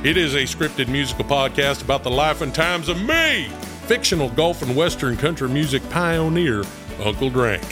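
A man's voice: a little high, expressive, normal speed, lightly acted. Jovial country-singer type, voiced by a man, bouncy and raised, music under the ad. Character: folksy old-time male country singer, jovial. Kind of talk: podcast ad.

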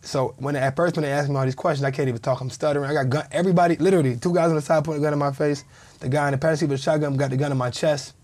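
A man's voice: a little high, fairly even intonation, very fast, a little mellow. A man in his thirties, a podcast guest, telling a story in casual conversation and acting out the quoted dialogue. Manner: vivid storyteller who acts out quoted dialogue. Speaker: podcast guest, former pro football player.

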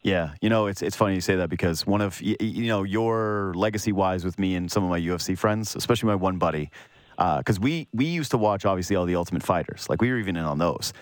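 A man's voice: sits low, quick pace, no room sound. A man hosting a podcast, asking casual, rambling questions in an interview chat. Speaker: podcast host.

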